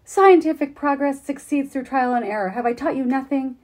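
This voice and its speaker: A woman's voice: sits high, fairly quick, darkish tone, lightly acted. A woman reading as a smug moth-teacher villain. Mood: lecturing. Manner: smug, lecturing. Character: scheming female teacher mutating into a moth. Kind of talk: dramatic reading.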